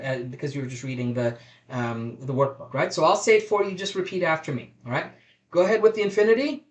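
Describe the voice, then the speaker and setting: A man's voice: high-pitched, a bit bright. A man leading a live online self-development class over a webcam, guiding exercises and repeating affirmations aloud.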